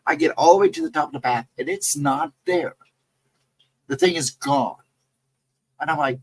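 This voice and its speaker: A man casually telling a personal encounter story, rambling and jumping sharply higher in pitch when he quotes himself. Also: moderate pace, pauses often, breathy edge, no room sound, low-quality recording. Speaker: guest storyteller.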